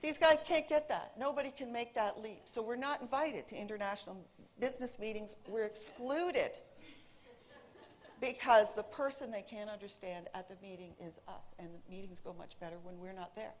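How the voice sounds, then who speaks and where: A woman in her forties, an English teacher, giving a talk to an audience in a large auditorium and telling lively stories. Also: medium pitch, moderate pace. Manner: animated storytelling, quoting her son in a put-on teen voice. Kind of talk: conference talk to a live audience.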